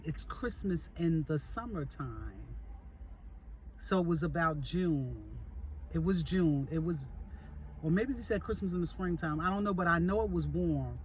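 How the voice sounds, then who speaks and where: A woman in her fifties, a vlog host, telling a personal testimony in a lively, jokey, conversational way and speaking straight to her listeners. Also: low voice, a little hiss or hum. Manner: animated, jokey storyteller who acts out quoted voices; conversational, addresses listeners directly. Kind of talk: storytelling testimony.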